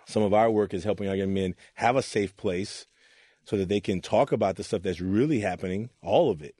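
A man's voice: on the low side, brisk, mellow, slightly rough, dry recording. A man from Oakland, a youth mentor, telling personal stories in an interview in an earnest way and acting out the voices of people he quotes. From Oakland, California. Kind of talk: candid interview storytelling.

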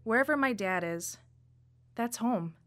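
A woman in her thirties from Wisconsin with a Wisconsin accent, reading a personal radio essay in a warm, lightly humorous way. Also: a little high, expressive, unhurried, over music. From Wisconsin, USA. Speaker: storyteller.

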